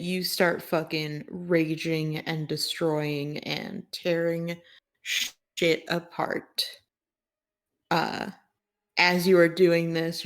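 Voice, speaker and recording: A woman runs a tabletop game as game master. She narrates at an unhurried, drawn-out pace. Her voice sits a little low.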